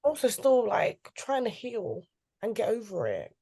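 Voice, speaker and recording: A woman's voice: fairly high pitch, sing-song, measured pace, vocal fry, warm tone. A woman co-hosting a podcast in casual chat. She makes wry, dramatic asides. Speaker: podcast co-host.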